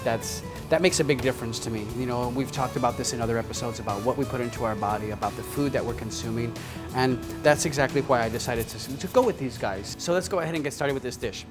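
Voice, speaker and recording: A man's voice: mid-range voice, fast. A man hosting a cooking show, chatting upbeat to the viewer as he cooks. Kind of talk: casual cooking demonstration. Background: sizzling pan and background music.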